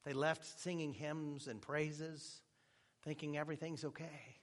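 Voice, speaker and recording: A male pastor preaching a sermon with animated delivery and joking asides, at times dropping to a hushed tone. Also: on the high side, unhurried.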